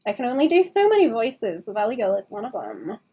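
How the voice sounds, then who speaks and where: A young woman talks casually to her stream while she draws. Her voice sits a little high and sounds husky and breathy. She rambles sleepily and laughs easily. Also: wildly swooping pitch, brisk, dark tone. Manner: chatty, rambling, laughs often. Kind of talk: casual chat while drawing.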